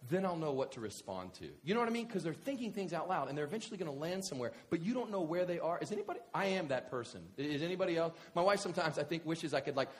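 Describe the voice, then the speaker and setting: A male pastor preaching a sermon in a casual, conversational way, animated and storytelling. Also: fairly high pitch, racing, hardly any pauses.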